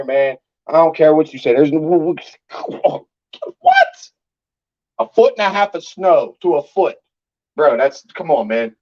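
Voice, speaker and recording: A man's voice: sits high, lively intonation, normal speed, darkish tone, lo-fi sound. A man, angrily ranting on a live stream as a sports fan and swearing often. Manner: angry, profane ranting.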